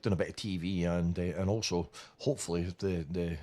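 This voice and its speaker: A man's voice: sits low, fairly even intonation, brisk, mellow. A Scottish man hosting a radio interview, stumbling and restarting, with friendly teasing. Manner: hesitant, many restarts, teasing. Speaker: radio host.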